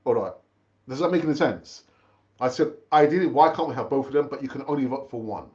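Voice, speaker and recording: A man's voice: medium pitch, animated, fast, a little mellow. A man hosting a football fan live stream, chatting with viewers, calling them brother and often repeating his words. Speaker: fan channel host. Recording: dull, lo-fi stream audio.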